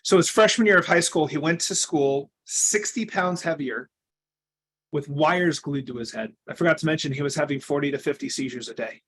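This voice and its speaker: A young adult man with a fairly high voice gives a coaching talk at a moderate pace, earnestly telling his own story. He shifts between loud emphasis and quiet asides, with a little hiss or hum in the recording.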